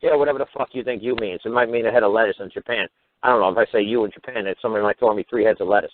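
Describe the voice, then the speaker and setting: A man's voice: fairly low pitch, rapid-fire. A man hosting a radio talk show, ranting with crude, mocking, swear-filled talk. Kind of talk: profane ranting monologue. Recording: tinny phone-line radio audio.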